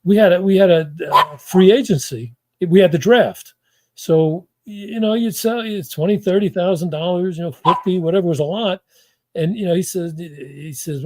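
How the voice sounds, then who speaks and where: An older man, once a football front-office executive, tells rambling anecdotes as an interview guest, restarting often and acting out quotes. His high-sitting voice is animated and darkish in tone, at a moderate pace, in a dry recording.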